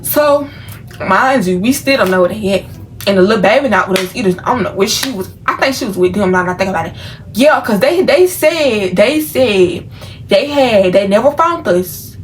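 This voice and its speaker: A woman's voice: medium pitch, lively intonation, moderate pace, a little hiss or hum. Chatty woman from Memphis, a bit distant. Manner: chatty, talks straight to viewers, many fillers. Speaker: vlogger. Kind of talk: casual storytime.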